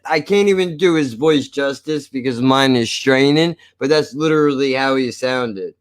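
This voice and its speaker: A man's voice: on the high side, moderate pace. A man chatting casually on a live stream. He jokes, swears a lot and laughs often. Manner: profane, joking, laughs often.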